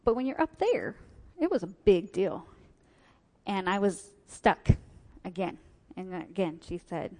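A woman speaks to an audience at a mid-range pitch, telling a personal story. She acts out what people said to her. Her voice carries a long hall reverb. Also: big pitch swings, measured pace, dark tone.

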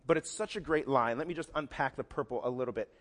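Male pastor, mid-pitched, conversational sermon with acted-out quotes, large echoing church. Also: fast, a bit bright. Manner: conversational, acts out quotes in varied voices. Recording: long hall reverb.

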